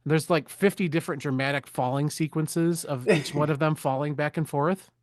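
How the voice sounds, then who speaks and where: Crude joking podcast host, dry sound. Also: male voice, a little high, steady tone, normal speed, dry recording. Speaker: podcast host recapping a movie. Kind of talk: casual comedic movie recap.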